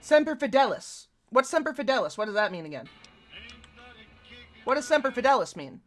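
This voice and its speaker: A woman live streaming, reacting to a video in casual, excitable chat and swearing freely. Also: on the high side, fairly quick, faint music behind.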